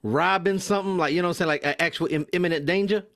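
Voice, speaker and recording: A young man telling a profane, animated story about his work as a mail carrier, acting out the other people's lines in quick voices. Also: high-pitched. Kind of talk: casual storytelling on a podcast.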